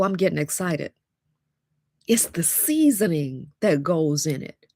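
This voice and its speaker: A woman's voice: fairly low pitch, expressive, a little slow, darkish tone, no room sound, studio quality. A woman, giving a motivational talk as a dating coach, emphatic and repetitive with call-and-response phrases.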